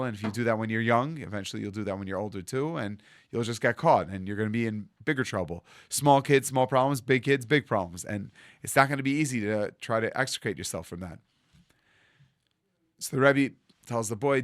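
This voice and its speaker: Animated rabbi telling a story. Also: male voice, on the low side, a little fast, dry recording, studio quality. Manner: animated storyteller acting out dialogue, with Hebrew and Yiddish terms. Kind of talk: storytelling Torah lesson.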